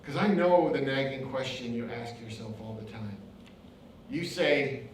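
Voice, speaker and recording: A man's voice: mid-range voice, a little slow, slight background noise. A man, a pastor and author, giving an impassioned inspirational speech with rhythmic repetition. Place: event venue. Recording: very echoey hall, mic far off.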